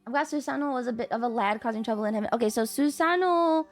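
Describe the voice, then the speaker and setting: A woman streaming and chatting casually with her viewers. She swears, laughs often and yells at chat. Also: on the high side, fast, soft background music.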